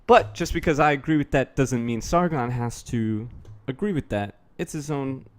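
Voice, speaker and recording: A man's voice: medium pitch, normal speed. A man giving a rambling, casual commentary rant, sardonic and full of swearing. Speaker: YouTube commentator.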